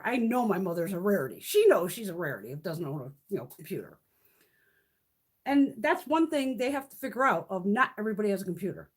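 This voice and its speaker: A woman's voice: mid-range voice, big pitch swings, fast talker, husky. A woman in her fifties chatting casually on a live stream, rambling, swearing freely and laughing often. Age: 50s. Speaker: beauty vlogger hosting a live stream.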